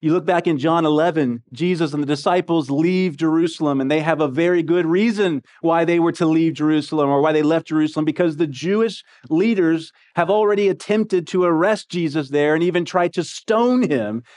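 Male pastor with a slightly higher voice, preaching a sermon in a talky, emphatic way with frequent rhetorical questions. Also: a little fast, hardly any pauses, darkish tone.

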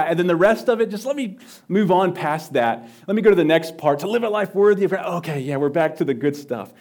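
Man preaching, loud then hushed. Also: a little high, animated, a little fast. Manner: dynamic preaching, swinging from loud emphasis to near-whispers; repeats phrases for emphasis. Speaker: pastor. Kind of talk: sermon.

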